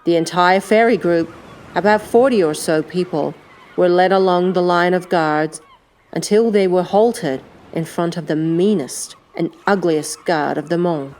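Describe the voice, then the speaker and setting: Low-voiced woman narrating an audiobook. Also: measured pace, a little mellow, slight background noise. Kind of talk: scripted narration.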